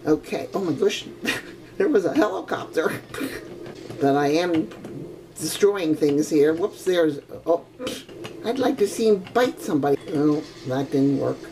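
With a deep, expressive voice, an older grandmother talks her way through a video game a bit slowly, often pausing. She's chatty, full of exclamations, quaint oaths, and giggles, with noise in the background.

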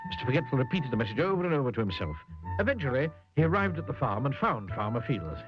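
A man narrating a children's storybook with a gentle comic touch, over a dull lo-fi recording with music behind. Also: medium pitch, fast talker. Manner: lively, gently comic telling.

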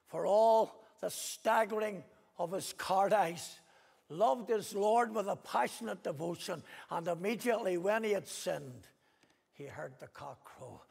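A man with a Northern Irish accent preaching an impassioned sermon, rising to loud cries and dropping to hushed repetitions. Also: high-pitched, gravelly, husky. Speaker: pastor. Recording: long hall reverb.

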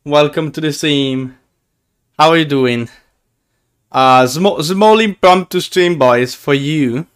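A man streaming live who chats casually with his viewers, playful and excitable, often stumbling over his words and repeating himself. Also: on the high side, slow pace, clean tone. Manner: excitable, stammering, playful, greets chat.

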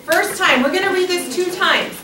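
A woman's voice: very high voice, moderate pace. A woman teacher leading a classroom lesson, encouraging her students and calling on them by name. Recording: echoey classroom, distant mic, background noise.

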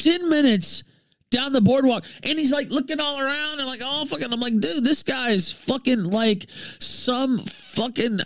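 Guy ranting on his stream, high voice, swooping pitch, cussing and shouting. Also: no echo, studio quality. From Memphis. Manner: profane, angry, swings from high shouting to low mutters. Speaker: livestream host. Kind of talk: ranting livestream commentary.

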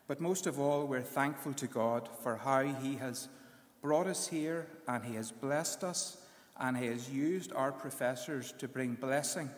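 A man with a British accent, a graduating student giving an earnest speech at his ceremony, often pausing on fillers. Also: mid-range voice, echoey room, long reverb tail. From United Kingdom.

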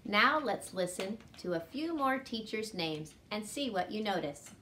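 A woman teaching young children, speaking slowly and in a sing-song way as she claps out syllables. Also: mid-range voice, lively intonation, bright, forceful tone, a little hiss or hum. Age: adult with a son. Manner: slow and sing-song, clapping syllables aloud. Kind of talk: children's lesson.

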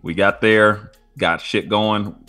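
A man's voice: fairly low pitch, steady tone, slow pace, pushed and bright, faint music behind. A man co-hosting a podcast, telling stories in a laid-back, laughing, profane way. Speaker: podcast co-host. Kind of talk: casual chat.

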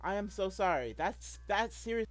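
A man's voice: high voice, expressive, normal speed, no room sound. A man giving rambling, jumpy commentary while playing a game, apologizing often. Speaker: gameplay video maker. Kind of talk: gameplay commentary.

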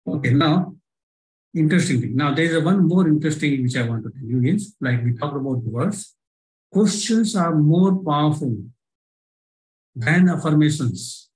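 Indian guy on a video call, a bit high-pitched, talks people through mind exercises, says the same thing again and again. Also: expressive, a little mellow, poor audio. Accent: Indian English. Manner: repetitive, coaxing, speeds up and slows for exercises. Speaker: workshop trainer. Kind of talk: live online workshop with guided exercises.

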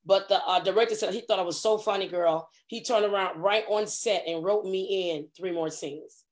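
Animated middle-aged woman telling stories. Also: mid-range voice, normal speed. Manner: animated, acts out quotes with big voice jumps. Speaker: guest comedian and actress. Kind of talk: casual storytelling in an interview.

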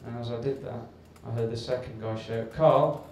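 A man's voice: mid-range voice, monotone, fairly quick, warm tone. A man doing a stand-up routine on a comedy club stage, telling a rambling, self-deprecating story. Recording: echoey live club recording from far off with hiss.

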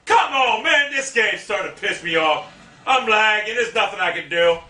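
A man giving live gameplay commentary, cursing and trash-talking opponents, often bursting into angry shouts. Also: sits high, animated, moderate pace, echoey room, far from the mic, a little hiss or hum.

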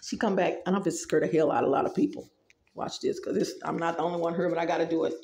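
A woman's voice: lowish voice, steady tone, fast talker, creaky, darkish tone, roomy sound. A woman vlogger giving casual spiritual advice, chatty and rambling, talking straight to her viewers.

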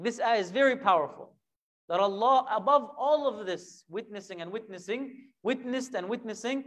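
Man teaching a Quran lesson. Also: high-pitched. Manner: animated, acts out imagined voices, rhetorical questions.

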